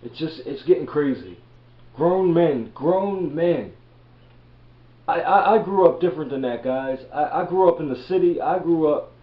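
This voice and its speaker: 30s guy from baltimore ranting, cussing a lot, kinda high voice, muffled lo-fi sound. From Baltimore, USA. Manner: profane, blunt, repetitive. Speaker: reseller vlogger. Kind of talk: blunt motivational rant. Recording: echoey room, dull lo-fi audio.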